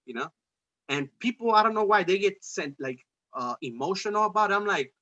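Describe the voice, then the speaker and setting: Male podcast host, raised-pitch bright voice, loose profane streetwise delivery; dull lo-fi recording. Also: expressive, a little fast. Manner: rambling, profane, streetwise slang. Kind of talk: casual political debate chat.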